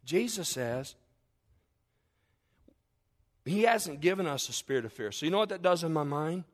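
A middle-aged man preaching in a fairly high voice. He tells his stories with lots of energy, his pitch jumping around, and later drops to a near-hushed murmur. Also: fairly quick. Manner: animated storytelling that drops to a soft, hushed close. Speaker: pastor. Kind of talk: sermon.

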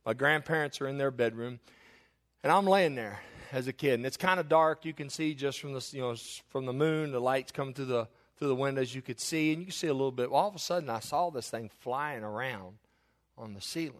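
A man's voice: medium pitch, a little fast. A middle-aged man, preaching a sermon as pastor and telling homespun stories with many restarts and asides. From Eastern Kentucky.

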